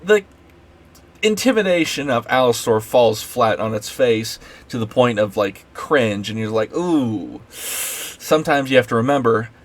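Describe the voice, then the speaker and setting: A man's voice: mid-range voice, expressive, measured pace. A man giving an unscripted late-night rant as a video creator, rambling with many fillers and restarts.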